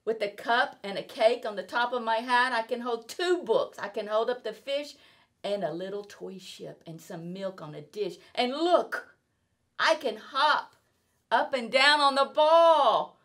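A woman's voice: a little high, a little slow, a bit bright, pitched above the performer's own voice. A woman voicing a playful, show-off male cat from a children's storybook, in a sing-song, exaggerated read-aloud manner. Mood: boastful.

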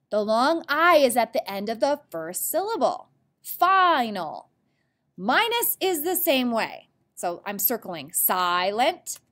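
Young woman teacher, slow and animated, clear encouraging spelling-lesson delivery. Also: a little high. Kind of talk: recorded spelling mini lesson.

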